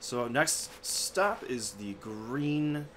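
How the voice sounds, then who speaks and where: A man's voice: medium pitch, animated, drawn-out words. A man hosting a livestream, chatting casually and reading out viewers' names while he plays. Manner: reads chat names aloud, laid-back and chatty. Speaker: livestream host.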